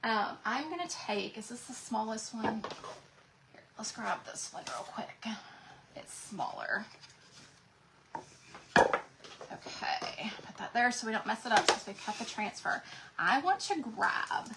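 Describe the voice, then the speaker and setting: A woman's voice: on the high side, animated, takes it slowly, gravelly, long pauses, heavy background noise. A woman hosting a casual crafting livestream, chatting to viewers as she works. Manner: chatty, addresses viewers as y'all.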